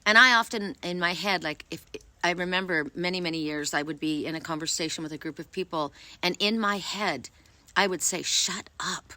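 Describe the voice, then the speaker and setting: A chatty woman reads oracle cards outdoors, her voice sitting a little low for a woman yet bright and forceful. She talks in a quick, bubbly, effervescent way, telling stories casually to camera. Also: dry recording. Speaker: oracle card reader. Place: outdoors, sitting in wet grass.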